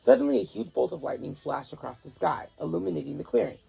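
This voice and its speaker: A host reads a children's storybook aloud with lively, animated inflection. The voice is deep-toned, gravelly and husky. The recording is dull and lo-fi, with faint background music. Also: quick pace. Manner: expressive, animated narration.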